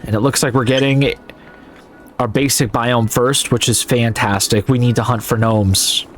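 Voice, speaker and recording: A man's voice: mid-range voice, fairly even intonation, normal speed, soft background music. Upbeat man doing game commentary. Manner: upbeat and jokey, bursts into loud yelps. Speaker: gaming video host. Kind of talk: casual gameplay commentary.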